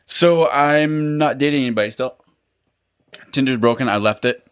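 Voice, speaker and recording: A man's voice: medium pitch, normal speed, clear, resonant tone, no room sound, clean studio sound. A young man co-hosting a casual podcast, wry and self-deprecating. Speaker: podcast co-host. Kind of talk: casual chat.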